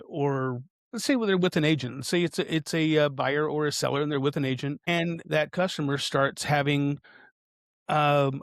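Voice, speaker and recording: A man co-hosting a casual podcast, joking and halting, asking long roundabout questions. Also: fairly high pitch, gravelly, no echo, studio quality. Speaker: co-host.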